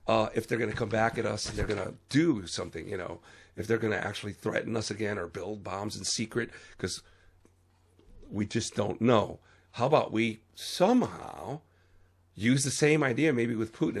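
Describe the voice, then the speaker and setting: A man speaks his mind on his own podcast, earnest and preachy, his voice jumping up now and then to stress a point. The tone has a gravelly fry to it and a husky edge. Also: medium pitch. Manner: earnest and preachy, with sudden emphatic rises and trailing fillers. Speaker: podcast host. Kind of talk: solo opinion podcast monologue.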